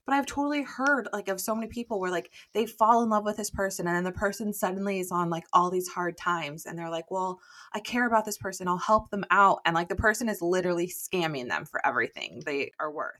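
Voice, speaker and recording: A woman's voice: fairly low pitch, animated, quick pace, fairly bright tone. A young woman in her twenties chatting casually, telling dating stories full of fillers and quoted dialogue. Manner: chatty storytelling with constant fillers. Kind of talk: casual chat.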